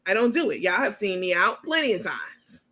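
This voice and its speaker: A woman's voice: medium pitch, sing-song, moderate pace, sharp tone. A woman host talking casually and candidly to her viewers, calling them baby and y'all and bragging on herself. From New York.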